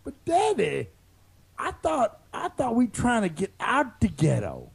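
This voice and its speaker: A man's voice: very high voice, huge pitch swings, a little slow, creaky, breathy edge, exaggerated voice. A man voicing a whiny, naive young son in an improvised comedy sketch, asking his father pleading questions.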